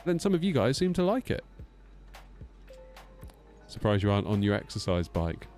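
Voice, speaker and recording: A man's voice: on the low side, big pitch swings, normal speed, a little mellow, faint music behind. A man streaming a flight sim, chatting casually, teasing himself and answering chat aloud. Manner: chatty, self-mocking, reads chat aloud.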